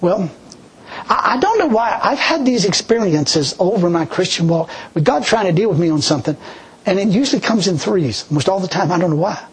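A man preaching a sermon and telling his own story, in a folksy, conversational way with many restarts. He drops into a low, slow voice when he quotes God. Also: animated, slightly rough, poor audio. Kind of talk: sermon with personal testimony.

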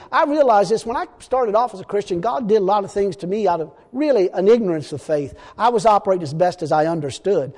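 A man preaching a sermon, his voice high but mellow and warm. He retells stories through quoted dialogue and keeps calling out hallelujah and glory to God. A long reverb trails every phrase.

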